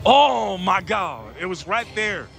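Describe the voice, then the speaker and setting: A man vlogging at slot machines, talking to his viewers with sudden excited outbursts. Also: high-pitched, takes it slowly, vocal fry. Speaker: casino vlogger. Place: casino floor. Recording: loud music behind voice. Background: loud casino machine music.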